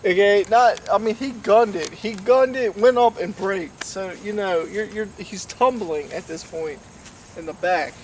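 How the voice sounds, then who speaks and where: Drunk young dude rambling and cussing, highish voice, far off mic with faint outdoor noise. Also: male voice, measured pace. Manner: rambling, profane, tipsy. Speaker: storyteller. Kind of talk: casual storytelling to camera.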